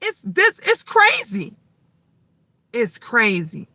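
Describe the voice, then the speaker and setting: Middle-aged woman, live-chat host; bright and punchy, emphatic, swears often, dry close mic. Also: huge pitch swings, slow pace, dry recording. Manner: emphatic, swears freely, gets louder and higher when riled up. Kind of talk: casual live chat storytelling.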